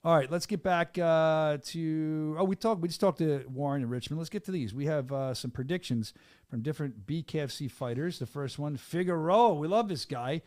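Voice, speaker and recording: A middle-aged man hosting a podcast, joking and animated in casual chat. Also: on the high side, dry recording. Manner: animated, joking, fast-talking. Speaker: podcast host.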